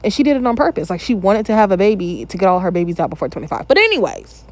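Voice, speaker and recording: A woman's voice: medium pitch, big pitch swings, rapid-fire. Chatty woman in her thirties hosting. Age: 30s. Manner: chatty, candid, opinionated asides. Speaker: reaction channel host. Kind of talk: casual reaction commentary.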